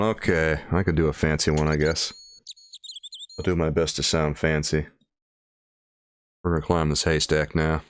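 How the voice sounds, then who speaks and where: Deep-voiced tired streamer joking with chat. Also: male voice, little pitch movement, moderate pace, long pauses, clear, resonant tone. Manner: joking banter with chat, playful mock voices. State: tired late-night. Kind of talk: casual livestream commentary.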